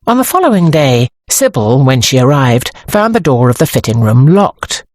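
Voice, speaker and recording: A woman with an English accent narrating an audiobook in a measured, expressive reading. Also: a bass voice, dry recording, clean studio sound. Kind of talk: scripted narration.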